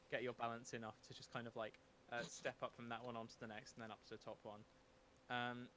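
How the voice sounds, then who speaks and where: A man narrating a tabletop game as game master, in a relaxed, rambling way with many fillers and restarts. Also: mid-range voice, a little hiss or hum.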